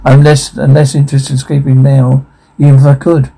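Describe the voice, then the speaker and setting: A thoughtful, earnest captive monk, read out by a man with a gravelly, husky voice. The reading is flat and plain rather than acted. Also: medium pitch, brisk, rough recording.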